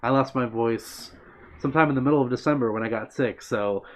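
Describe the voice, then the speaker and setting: A man's voice: mid-range voice, brisk. A man hosting a livestream, chatting casually and greeting viewers by name as he reads their comments. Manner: friendly, meandering, answers chat by name. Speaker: livestream host.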